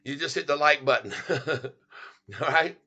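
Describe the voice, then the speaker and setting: A man's voice: fairly high pitch, steady tone, normal speed, pushed and bright, highs cut off. A middle-aged man hosting a stock market livestream, joking, rhyming and laughing often as he hypes his viewers. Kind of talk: playful sing-song stock chat.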